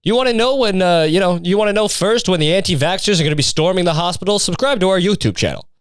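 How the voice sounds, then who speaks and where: A man's voice: sits high, expressive, fast, smooth, dry recording, studio quality. A man parodying a cheerfully callous TV news anchor in a mock-cheery, sarcastic tone.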